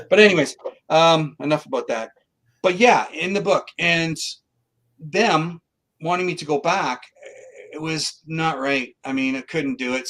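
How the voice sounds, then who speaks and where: A man's voice: medium pitch, low-quality recording. A middle-aged man from Canada, a guest psychic, telling a story in a casual interview and acting out the voices of the people in it. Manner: animated, acts out quoted voices.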